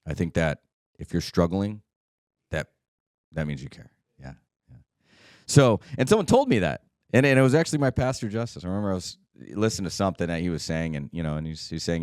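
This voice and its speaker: Man, podcast host, casual solo talk, very low voice, dry close recording, keeps asking "right?". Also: very animated, fast talker, darkish tone, no room sound. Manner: conversational, checks in with "right?" and "okay?".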